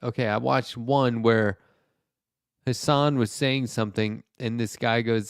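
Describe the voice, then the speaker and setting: A man's voice: medium pitch, unhurried, smooth, no echo, studio quality. A man hosting a casual political chat show, telling stories and acting out what people said. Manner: animated, acts out quotes, swears. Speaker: podcast host.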